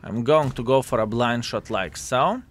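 A young adult man with a medium-pitched voice talks at a normal speed, offering casual, joking commentary over gameplay. This gaming commentator is chatty and playful, calling his viewers "fellas."

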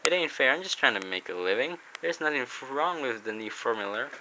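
A man's voice: mid-range voice, expressive, a little fast, sharp tone, slight background noise, low-quality recording. A man reading a stingy old male crab restaurant boss aloud from a comic, with a light touch of voicing. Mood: complaining.

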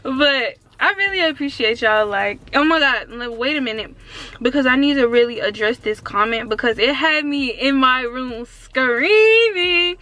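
A young woman of about nineteen, chatting excitedly in a casual vlog from inside her car, with lots of "like" and "um". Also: high-pitched, normal speed. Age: around 19. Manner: excitable and chatty, full of fillers like "like" and "um". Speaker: vlogger.

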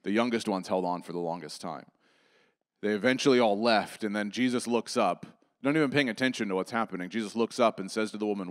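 A man preaching a sermon, rising to strong emphasis and then dropping to soft, near-whispered reassurance. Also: on the low side, animated, fairly quick, no echo, clean studio sound. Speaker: pastor. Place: church.

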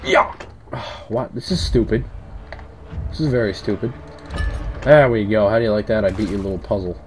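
A man's voice: lowish voice, moderate pace, slight background noise. A man giving casual, rambling commentary while playing a horror game, easily startled and yelping at scares, on a headset mic. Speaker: let's play commentator.

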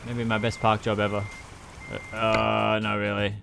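A man's voice: on the low side, monotone, unhurried, gravelly, over music. A young man casually commentating his trucking game, chatty and swearing often as he talks to himself. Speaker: let's play gamer.

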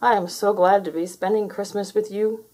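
A woman's voice: mid-range voice, steady tone, moderate pace, dark tone, lightly acted, low-quality recording. A woman voicing an anxious male toad in a children's storybook, asking worried questions. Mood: relieved.

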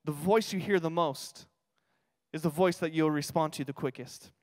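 A young male pastor with a high, energetic voice preaches a sermon full of stories at a moderate pace. He is humorous and keeps repeating key phrases. The recording, made in a church sanctuary, carries the reverb of the hall.

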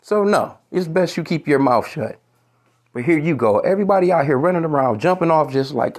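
A man rants straight to his audience in a commentary video, swearing freely and tripping over his own restarts. His voice sits a little higher than most men's. Now and then he pauses to look up and quote scripture. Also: animated, darkish tone. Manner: profane, heated, repetitive restarts, quotes scripture. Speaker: commentary vlogger.

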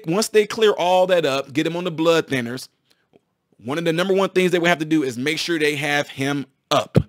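Excited fast-talking man explaining. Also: on the high side, no echo, studio quality. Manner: fast, excited, repeats and restarts phrases. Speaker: former physical therapist commenting on news. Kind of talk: casual explainer to camera.

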